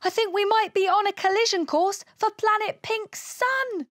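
An eager little male alien pilot from a storybook, as a woman reading aloud puts him on, exclaiming in a high, bouncy voice. He swoops up and down in pitch as he calls out warnings and plans. The sound is close and dry. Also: very animated, unhurried, no echo, heavily acted. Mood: excited.

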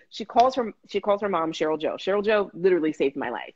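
Lowish husky woman talking fast and animated, dull lo-fi video call sound. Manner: animated, restarts, acts out quotes. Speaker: guest. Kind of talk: casual storytelling.

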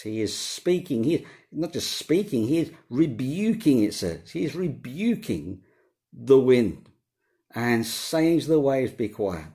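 A man speaking as a pastor, giving an informal devotional talk in a conversational way, often pausing on fillers and restarting his sentences. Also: mid-range voice, warm tone.

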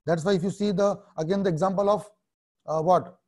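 A man in his thirties with an Indian English accent gives an exam-prep lecture with a high voice. He talks bluntly and repeats his key points. He slips Hindi phrases into his English. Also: steady tone, brisk, a little mellow. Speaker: exam coaching teacher. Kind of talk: online lecture.

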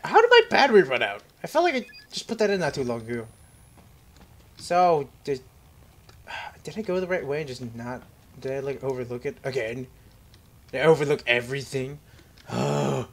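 A young man giving let's play commentary on a horror game, rambling and joking to himself. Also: on the high side. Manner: jokey, rambling self-talk. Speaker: gaming commentator.

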